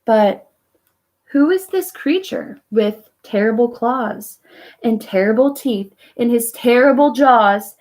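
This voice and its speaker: A woman reading a picture book aloud to children, gently asking her listeners questions along the way. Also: a little high, lively intonation, takes it slowly. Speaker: children's storyteller.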